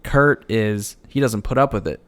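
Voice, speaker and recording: A man's voice: on the low side, normal speed, fairly bright tone, clear, resonant tone. A man co-hosting a podcast, talking casually in an earnest, agreeable way with small stammered restarts. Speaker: podcast co-host. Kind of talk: casual chat.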